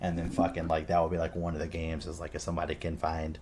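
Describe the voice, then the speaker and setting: A man co-hosting a casual chat, rambling and swearing a lot as he retells film scenes with animated energy. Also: extremely low pitch, quick pace, a crowd in the background. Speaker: podcast co-host.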